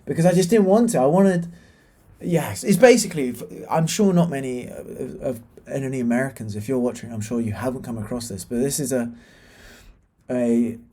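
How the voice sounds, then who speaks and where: A British man reviews films casually, ranting in an exasperated, opinionated way with frequent fillers and restarts. He speaks with a British English accent in a mid-range, dark-toned voice at normal speed.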